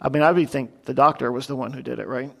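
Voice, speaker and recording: A man's voice: mid-range voice, steady tone, fast, creaky, fairly bright tone. A man preaching an expository sermon in a conversational way, asking rhetorical questions and briefly acting out the people he quotes. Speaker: pastor.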